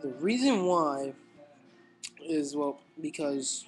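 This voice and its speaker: A teenage boy telling jokes in a casual, rambling way, halting with fillers and restarts. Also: fairly high pitch, lively intonation, faint music behind, low-quality recording. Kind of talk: casual stand-up style joke telling.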